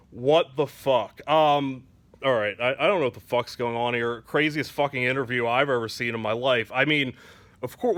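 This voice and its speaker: A man's voice: medium pitch, a bit bright, dry recording, voice pushed down, close to an everyday voice. A man voicing a bewildered male store manager who stammers and swears in confusion.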